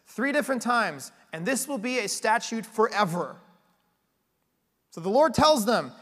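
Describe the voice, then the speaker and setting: A man preaching a conversational sermon, earnest and explanatory, asking rhetorical questions and going hoarse as he loses his voice. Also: high-pitched, fairly bright tone. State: losing his voice. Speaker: pastoral candidate preaching. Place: church sanctuary. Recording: long reverb of a large hall.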